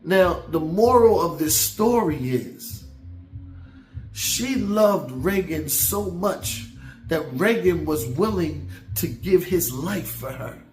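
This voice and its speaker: A man's voice: fairly high pitch, animated, slow. A man giving a motivational talk as a folksy, down-home storyteller who turns preachy. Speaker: motivational speaker. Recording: roomy echo with faint background music.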